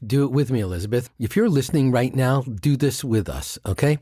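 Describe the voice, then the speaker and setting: A man co-hosting a podcast as a meditation teacher, teaching in a relaxed conversational way with rhythmic, playful delivery. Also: mid-range voice, fairly quick, few pauses, no room sound. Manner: warm rhythmic chanting of mantras, playful asides.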